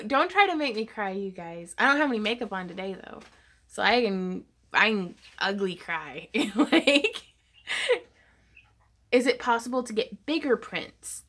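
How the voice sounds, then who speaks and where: A woman's voice: mid-range voice, a bit bright. A woman hosting a casual craft livestream, chatty and giggly, reading viewer comments aloud.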